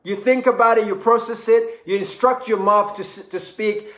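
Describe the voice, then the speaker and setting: A man giving an energetic motivational talk, often repeating words and acting out cheerful quoted voices. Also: high-pitched, normal speed, hardly any pauses, reverberant. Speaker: motivational speaker.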